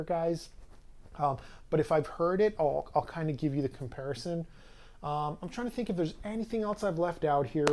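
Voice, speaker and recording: A man's voice: fairly high pitch, warm tone. A man giving a casual, conversational product review to camera, speaking loosely with frequent fillers and restarts. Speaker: audio equipment reviewer.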